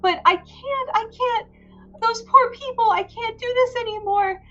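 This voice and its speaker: A terrified young woman in a tabletop game, put on by a woman game master, begging through sobs and gasps in a voice pitched well above her own. She pleads in a breathless rush. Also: a little slow, pushed and bright, dull audio, faint music behind, heavily acted. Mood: desperate pleading.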